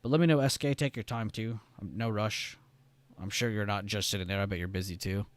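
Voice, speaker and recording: A man's voice: fairly low pitch, fairly even intonation, a little fast, dry recording. A young man from the United States hosting a casual trading live stream, rambling and reading chat messages aloud.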